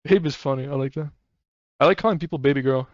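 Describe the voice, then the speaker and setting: A man with a mid-range voice talks quickly while streaming, rambling casually, swearing a lot and laughing often. The dry mic sounds slightly muffled.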